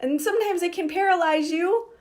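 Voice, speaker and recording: A young woman coaching on business in a casual, energetic talk, emphatic and acting out inner voices. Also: very high-pitched, brisk. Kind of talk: casual direct-to-camera talk.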